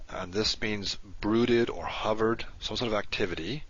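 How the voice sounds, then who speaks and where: A man teaching a recorded lesson, patient and explanatory, slowing down to spell out each word. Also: lowish voice, expressive, fairly bright tone, slightly rough. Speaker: Hebrew teacher. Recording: dull lo-fi recording.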